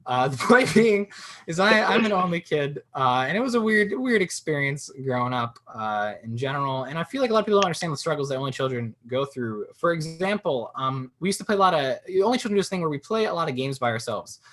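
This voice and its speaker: Young man, stand-up from his chair at home; deadpan delivery that swings into goofy voices, bouncy and expressive. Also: fairly high pitch, fast talker. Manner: deadpan punchlines, animated character voices. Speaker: stand-up comedian.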